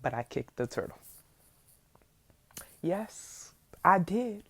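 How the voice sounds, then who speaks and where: A young adult woman, a podcast host, telling a childhood story in a casual, animated way and acting out her younger self. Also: on the low side, slow pace, breathy edge.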